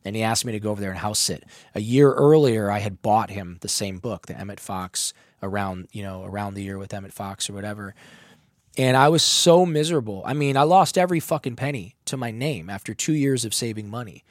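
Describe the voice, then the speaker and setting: A man recounts a personal story in a candid, heavily profane way, his voice rising as he gets worked up. His voice sits somewhat low. The sound is dry and close. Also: fairly quick, dry recording. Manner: emotional, profane, animated storytelling.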